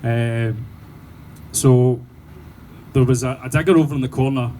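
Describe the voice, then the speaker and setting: A man with a Glaswegian accent doing sweary, animated stand-up storytelling and laughing through his punchlines. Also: mid-range voice, a little slow, a little hiss or hum, poor audio. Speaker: stand-up comedian.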